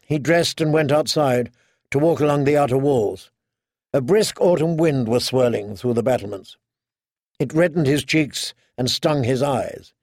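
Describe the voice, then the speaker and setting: A man reads a dark fantasy audiobook in an unhurried, measured, somber manner. His voice sits in a mid male register and sounds close and dry, with no room sound. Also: mid-range voice, no room sound. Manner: slow, measured, somber storytelling. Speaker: audiobook narrator. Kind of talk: scripted narration.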